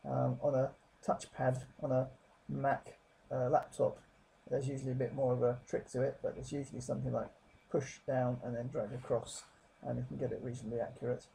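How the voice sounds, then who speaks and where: A man talking through a software tutorial at his desk, rambling and correcting himself with many fillers. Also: medium pitch, level tone, a little fast, vocal fry, slight background noise, low-quality recording. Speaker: tutorial presenter. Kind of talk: screen-capture software tutorial.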